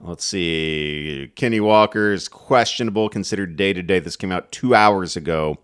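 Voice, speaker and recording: A man's voice: sits low, normal speed, a bit bright, smooth, dry recording, studio quality. A man co-hosting a casual fantasy football podcast, laid-back and chatty. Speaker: podcast co-host.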